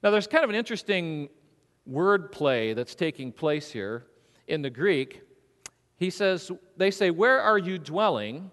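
A male pastor delivers a sermon in a high, expressive voice that rises and falls freely. He keeps asking the congregation questions and slips into quick acted-out quotes. The sound carries the long reverb of a church sanctuary. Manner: animated preaching with acted-out quotes and rhetorical questions.

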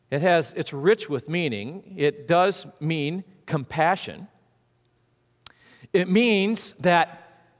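A man preaching a sermon, animated and conversational, swinging from hushed asides to booming emphasis. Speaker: pastor. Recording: long hall reverb.

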